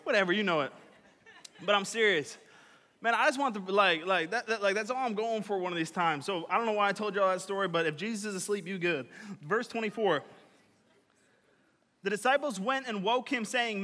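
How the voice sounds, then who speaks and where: A young male preacher with a notably high, bright voice talks his way through an energetic, chatty sermon. He drops and raises his volume often, and a long reverb fills the large hall around him. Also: brisk. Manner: chatty, many fillers, swings between loud and quiet.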